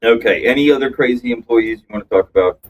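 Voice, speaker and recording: A man's voice: medium pitch, fast talker, recorded from a distance, muffled recording, slight background noise. A man co-hosting a casual podcast, telling long rambling anecdotes with restarts and acted-out quotes. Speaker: podcast co-host. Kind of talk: casual storytelling chat.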